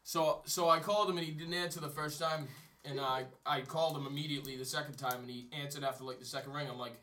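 A man's voice: on the high side, steady tone, quick pace, pushed and bright. A man co-hosting a casual podcast, stammering and repeating words as he tells a story, swearing freely. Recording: distant mic, noisy room.

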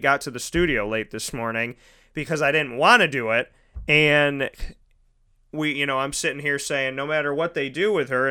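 The voice is on the high side, clear and resonant. It belongs to a man hosting his own radio show from a studio, where he animatedly narrates a story in a relaxed monologue and performs the quoted voices.

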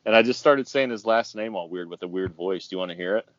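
Low-voiced man, rambling casual chat. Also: fast talker, dry recording. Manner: rambling, self-mocking, laughs often. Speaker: podcast co-host. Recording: dull lo-fi dry recording.

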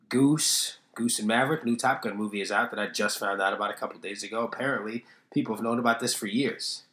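A man's voice: mid-range voice, fairly bright tone, echoey room. A man hosting a casual solo podcast, rambling and swearing freely while joking at his own expense. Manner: rambling, profane, self-deprecating. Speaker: podcast host.

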